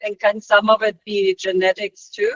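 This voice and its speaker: A man asks questions during a webinar, his voice high and bright but held to a flat, even tone. He speaks in a hesitant, halting way. The audio comes through a dull, lo-fi video call. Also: dry recording. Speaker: webinar attendee asking questions.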